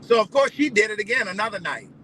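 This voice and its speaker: A man telling a story in a casual, animated, profane way, repeating phrases for emphasis. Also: sits high, fast, slight background noise, low-quality recording. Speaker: vlogger.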